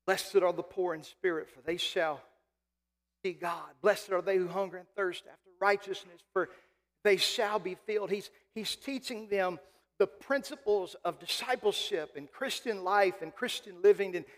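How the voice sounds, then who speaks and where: A man with a strikingly high voice preaches in a church sanctuary, and the long reverb of the big hall trails after every phrase. He leans hard into emphatic lines and draws certain words out slowly. Between those peaks he falls back to a quieter, explaining tone. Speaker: pastor. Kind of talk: sermon.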